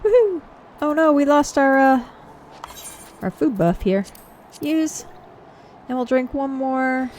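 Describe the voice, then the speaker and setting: A woman's voice: sits high, takes it slowly, long pauses, a little mellow, faint music behind. A woman giving casual gameplay commentary, chatting and reacting aloud between dialogue. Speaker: let's play streamer.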